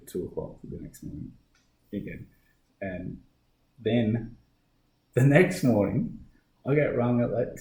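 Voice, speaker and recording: A middle-aged Australian man recounts his police work in a loose, conversational way, stacking fillers and restarting sentences as he goes. His voice sits on the lower side, and the room gives it a noticeable echo. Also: creaky. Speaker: guest, police officer. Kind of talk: casual podcast interview.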